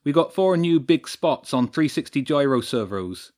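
A man voicing a young, wiry male lighting technician who talks fast and shows off his gear. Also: mid-range voice, lively intonation, a little mellow, pitched above the performer's own voice, close to an everyday voice. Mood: eager.

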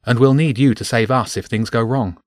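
Determined boy hero, read by a male narrator, brisk and steady. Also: medium pitch, dry recording, clean studio sound, lightly acted.

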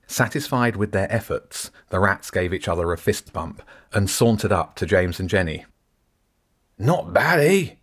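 Brief: deep-voiced male author reading his own fantasy novel, measured and expressive. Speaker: author and reader. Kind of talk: audiobook narration.

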